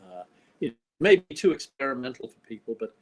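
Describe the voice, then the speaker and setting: A man's voice: mid-range voice, very animated, brisk, rough recording. An older man from Australia, a film director being interviewed, talking in a rambling way with dry, wry humor. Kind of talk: casual interview conversation.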